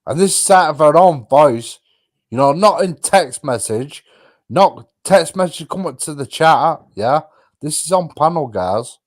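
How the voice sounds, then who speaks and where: A man's voice: a little high, lively intonation, unhurried. A man hosting a live stream panel, talking in a blunt, mocking way and swearing freely. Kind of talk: casual live stream chat.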